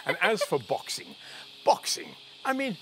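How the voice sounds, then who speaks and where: A man's voice: high-pitched, very animated, unhurried, fairly bright tone, a little hiss or hum. A man guest in a chatty interview, telling anecdotes jovially, laughing often and restarting his sentences. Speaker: reality show contestant guest.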